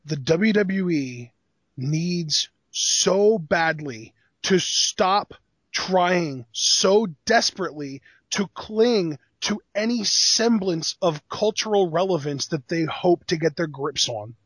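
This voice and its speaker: A man's voice: high-pitched, expressive, slow pace, a bit bright, no room sound. A man co-hosting a casual wrestling review podcast, blunt and exasperated, quizzing his co-host with pointed questions.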